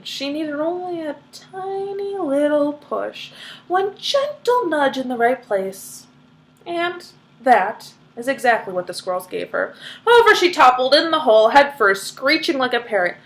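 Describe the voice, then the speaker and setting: A woman's voice: sits high, sing-song, normal speed, a bit bright. A woman reading a children's book aloud, stopping for chatty explanations. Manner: chatty asides full of "like".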